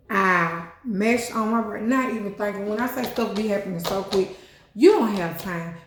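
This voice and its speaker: A woman telling her life story in a casual storytime vlog, chatty and animated, swearing and leaning on fillers like "you know what I'm saying". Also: medium pitch. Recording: echoey room.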